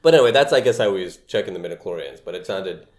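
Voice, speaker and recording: A man's voice: deep voice, expressive, rapid-fire, a little mellow. A young man in casual chat as a podcast co-host, rambling, restarting his sentences and laughing often.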